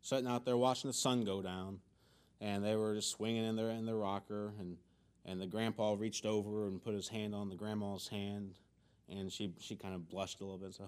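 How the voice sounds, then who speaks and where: Low-voiced man teaching a church Bible class. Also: flat delivery, a little fast, a little mellow, clean tone. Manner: folksy, conversational, many restarts. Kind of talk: church Bible lesson and prayer.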